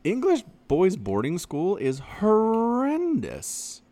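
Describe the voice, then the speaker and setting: A man in his thirties co-hosting a podcast, chatting casually and animatedly, his voice leaping up when excited. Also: slow pace. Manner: animated, jumps high in pitch when excited. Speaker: podcast co-host.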